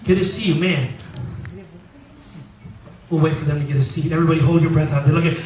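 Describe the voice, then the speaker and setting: A California pastor in his thirties tells his own story in a casual sermon, joking with the congregation. His voice is a little high and darkish in tone, with fairly even intonation and a fast pace. It's picked up by a distant mic in a roomy hall.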